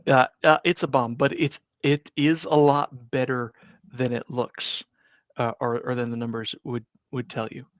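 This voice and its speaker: A man talks through a movie review in a loose, rambling way, full of restarts and fillers. His voice sits at an ordinary pitch. The recording is dry and a bit dull. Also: level tone, a little slow, no echo. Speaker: podcast host. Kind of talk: casual movie review chat.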